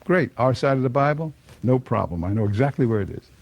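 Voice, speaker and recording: A man's voice: medium pitch, animated, quick pace, a little mellow, no room sound. An older man telling a personal conversion story to an audience, folksy and chuckling often. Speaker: speaker giving a personal testimony.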